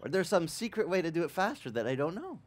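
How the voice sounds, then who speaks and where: Male pastor, sermon, animated swooping voice, slightly high, stammering restarts, acted-out quotes. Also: fast. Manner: lively storytelling, acts out quotes, stammering restarts. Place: church.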